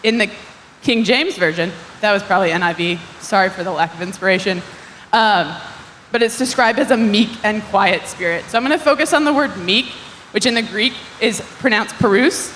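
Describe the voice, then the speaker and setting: A young woman giving a casual, self-mocking youth sermon, chatty with quick asides and lots of "like". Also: mid-range voice, a bit bright. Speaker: youth ministry speaker. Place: church hall. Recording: long hall reverb, faint ambient noise.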